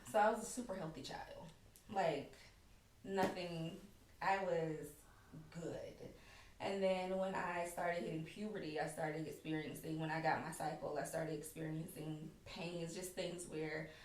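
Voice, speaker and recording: A woman's voice: low voice, steady tone, unhurried. Woman, podcast guest, candid and personal, away from the mic, faint noise behind. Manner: candid and personal, often quoting her own thoughts. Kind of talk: casual conversation about her own story. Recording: echoey room, far from the mic, faint background noise.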